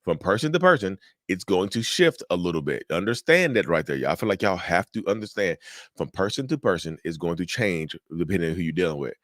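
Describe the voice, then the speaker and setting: A man's voice: deep voice, animated, fairly quick, fairly bright tone, dry recording, clean studio sound. A man hosting a mental health channel, giving casual, repetitive advice straight to viewers. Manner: direct, repetitive, addresses viewers as y'all.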